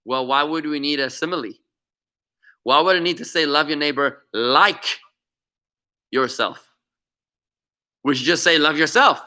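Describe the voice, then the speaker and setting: Sharp, bright-voiced rabbi teaching online. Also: male voice, on the high side, a little slow, long pauses. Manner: animated, lively storyteller who often repeats words. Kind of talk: interactive online lesson.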